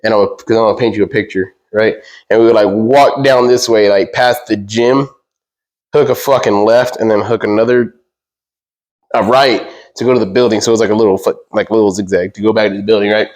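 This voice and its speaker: A man's voice: on the low side, fairly even intonation, a little fast, a little mellow, rough recording. A young man co-hosting a podcast, telling a childhood story in loose casual chat with lots of fillers and swearing. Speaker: podcast co-host.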